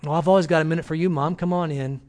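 Man playing a teenage boy, cheerful, breezy, teasing, higher voice. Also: steady tone, racing, a little mellow, lightly acted.

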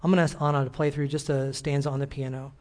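A pastor closing a church service with a Bible verse and a gentle, earnest prayer to the congregation. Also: male voice, mid-range voice, little pitch movement, quick pace.

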